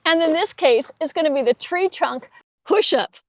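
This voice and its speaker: A woman's voice: high voice, lively intonation, moderate pace, dry recording, clean studio sound. A woman demonstrating a webcam in an upbeat, enthusiastic way, recorded outdoors in a garden through a webcam mic on a computer. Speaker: product reviewer. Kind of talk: product demo.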